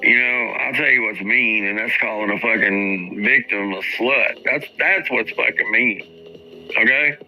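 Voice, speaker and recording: A man's voice: on the low side, measured pace, pushed and bright, faint music behind, poor audio. A man hosting a livestream, ranting heatedly and profanely while he talks straight to his chat. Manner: profane, indignant, addresses chat directly. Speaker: livestream host.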